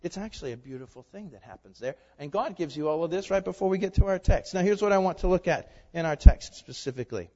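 A man with a high voice preaches a sermon and keeps putting rhetorical questions to his listeners. He swings from loud emphasis to quiet, confiding asides. His voice rings through a hall with long reverb, and the recording sounds dull and lo-fi. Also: lively intonation, quick pace, hardly any pauses. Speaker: pastor. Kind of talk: expository sermon.

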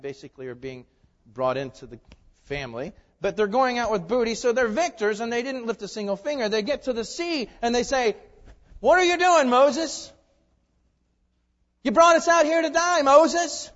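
High-voiced preacher in a reverberant hall. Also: male voice, lively intonation, a little fast. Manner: asks the audience rhetorical questions, swings from loud emphasis to hushed asides. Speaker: pastor. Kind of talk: expository sermon. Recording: reverberant hall, dull lo-fi sound.

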